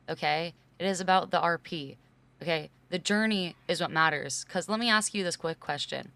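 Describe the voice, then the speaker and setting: Here the same kind of speaker, a young woman from California streaming to her viewers, has a lowish voice with vocal fry and a fairly bright tone at normal speed. She rambles with lots of "like" and gets emphatic while making an argument.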